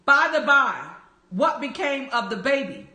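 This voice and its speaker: A woman reading the part of a grinning, riddling male cat in a playful, measured storybook voice. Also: sits high, very animated, sharp tone, pitched above the performer's own voice, full character voice. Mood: teasing. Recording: roomy echo.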